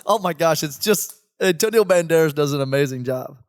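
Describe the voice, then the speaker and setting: A priest talks in a lively, rambling way, laughing often and restarting his sentences. His voice sits a little high for a man. The recording is dry and close, with no room sound. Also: brisk, no room sound. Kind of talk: casual podcast chat.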